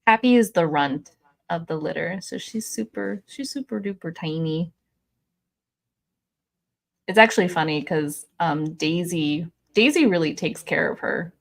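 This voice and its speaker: A woman's voice: on the low side, unhurried, vocal fry. A woman hosting a casual livestream from home, chatty and giggly, often laughing as she talks. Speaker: livestream host.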